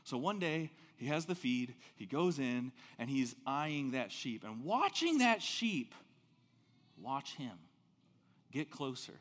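A man preaching a sermon as pastor, telling stories with big swings between loud and soft. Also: slow pace, big-room sound. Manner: animated storytelling, big swings in pitch and loudness.

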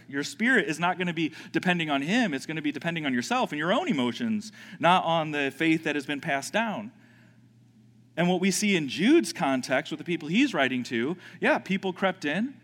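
Male pastor preaching, lively swooping pitch, slightly high voice, long hall reverb. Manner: animated, repeats words, acts out panicked voices. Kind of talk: sermon.

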